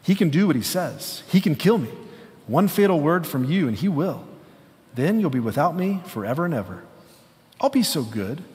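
A preacher voicing a pleading, wheedling lizard that clings to a ghost, reading it in a low, hushed voice in a long-echoing hall. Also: male voice, big pitch swings, moderate pace. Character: chattering wheedling male lizard on a ghost's shoulder.

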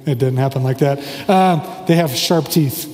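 A male pastor preaching a sermon in a large church hall, telling stories in a relaxed way with joking asides. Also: medium pitch, normal speed. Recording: echoey hall reverb.

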